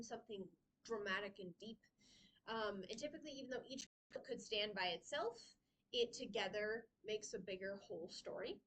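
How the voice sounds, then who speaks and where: Woman, writing workshop presenter, casual teaching, chatty, frequent ums, laughs often, slightly high pitch. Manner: chatty, many "um"s, laughs often between points.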